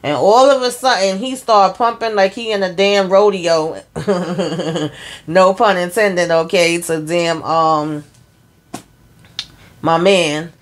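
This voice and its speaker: This woman, a show recap vlogger, walks through a TV episode scene by scene in a loose, chatty way, dropping wry asides. Her pitch is fairly low, her pace slow, and she leaves long pauses.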